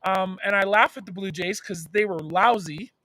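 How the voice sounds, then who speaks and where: A man's voice: high-pitched, normal speed, sharp tone, no room sound, low-quality recording. A man co-hosting a casual livestream chat outdoors, teasing his partner and reading out viewer comments. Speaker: co-host. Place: outdoors in direct sun.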